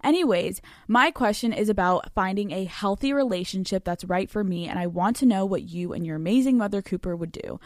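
A young woman hosts her own podcast, talking brashly and swearing freely as she gives advice and reads out listener letters. Her voice sits at a middle pitch and comes across close and dry, with no room sound around it. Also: no room sound. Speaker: podcast host. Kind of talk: solo podcast advice talk.

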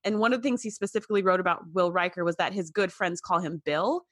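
A woman's voice: lowish voice, fast talker, fairly bright tone, no room sound, studio quality. A woman co-hosting a casual podcast, chatty and fond of acting out characters' lines. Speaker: podcast co-host.

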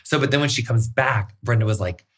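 A man in his thirties telling a workplace story in casual podcast chat, animated and quick, full of "like", acting out quotes. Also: medium pitch. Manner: animated, fast, lots of "like", acts out quotes. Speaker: podcast guest.

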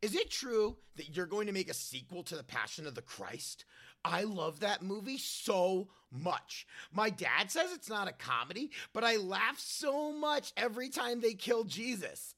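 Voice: mid-range voice, big pitch swings, measured pace, sharp tone. A podcast host giving a scripted comedic reading of a letter in an earnest, innocent, childlike manner.

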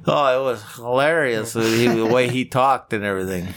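A man's voice: mid-range voice, fairly even intonation, moderate pace, a bit bright. A middle-aged man, a business owner, casually telling folksy, chuckling anecdotes in a podcast interview.

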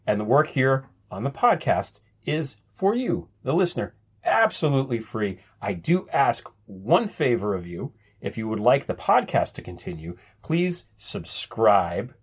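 A man's voice: mid-range voice, slightly rough. A man hosting his own podcast, talking casually and chattily, often restarting his sentences. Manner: chatty, self-deprecating, repeats words when restarting. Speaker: podcast host.

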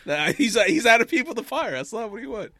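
A man hosting a casual chat show, telling stories in an animated way and laughing often. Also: very high voice, a little fast, dry recording, clean studio sound.

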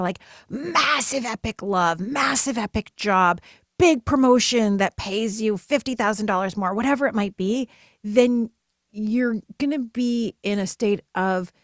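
A woman's voice: mid-range voice, dry recording, clean studio sound. A woman in her thirties hosting a podcast, talking in an enthusiastic, chatty motivational way with many asides. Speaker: podcast host. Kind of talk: casual motivational monologue.

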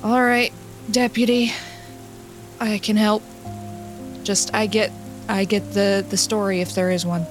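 A woman's voice: medium pitch, flat delivery, measured pace, pauses often, faint music behind, lightly acted. Brief: woman as eager, sleepy reporter, stammering. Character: tired young reporter, eager, apologetic.

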